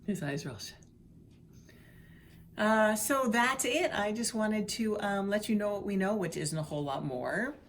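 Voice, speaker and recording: Unhurried and lively in intonation, her medium-pitched voice comes through with a bit of background noise. The middle-aged vlogger gives a cheerful, casual update on her health journey from home, cooing baby talk at her cat along the way.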